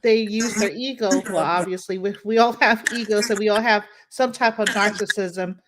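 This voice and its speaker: A woman's voice: medium pitch, steady tone, normal speed, noisy background. A woman hosting a podcast interview who asks questions casually and backs up her guest with frequent affirmations. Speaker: podcast host.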